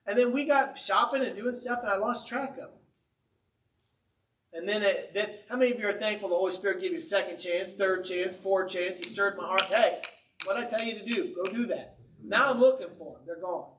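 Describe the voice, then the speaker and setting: Man, pastor, high voice, animated storytelling sermon, roomy church sound from a distance. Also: a little fast. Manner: animated, conversational storytelling with humor. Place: church sanctuary.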